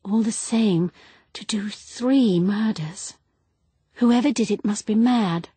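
A woman voicing a superstitious, gloomy young wife in an audiobook, speaking softly and earnestly. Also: mid-range voice, slow pace, husky, no echo, voice pushed up. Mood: uneasy. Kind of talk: audiobook character reading.

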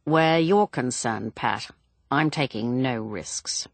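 A guarded, protective man, as a woman reads him speaks firmly and steadily. The voice is low and husky, with a slow pace and a dry, close sound. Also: no room sound, heavily acted. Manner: firm, measured. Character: guarded, protective grown son.

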